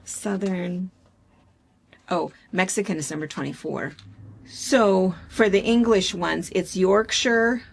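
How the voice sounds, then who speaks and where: Chatty middle-aged American host, slightly low and gravelly, lots of ums. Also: female voice, slow, a little hiss or hum. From United States. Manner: rambling, chatty, with frequent fillers. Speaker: show host. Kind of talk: casual chat.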